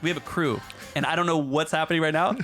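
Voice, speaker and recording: A man's voice: a little high, fairly even intonation, quick pace, sharp tone, soft background music. A man hosting a podcast, joking, swearing and laughing in casual chat. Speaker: podcast host. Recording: echoey room with long reverb.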